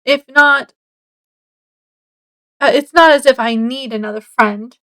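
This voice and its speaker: A woman's voice: sits high, bright, forceful tone, no room sound, exaggerated voice. A woman reading aloud the lines of a pushy, prickly schoolgirl, in her own voice. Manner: read aloud haltingly.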